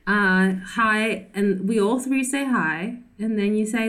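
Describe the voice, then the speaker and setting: A woman's voice: mid-range voice, takes it slowly, a bit bright. Woman cooing and laughing on a call. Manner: playful, laughing, coos at her cat. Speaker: podcast co-host. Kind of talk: casual chat. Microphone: video call.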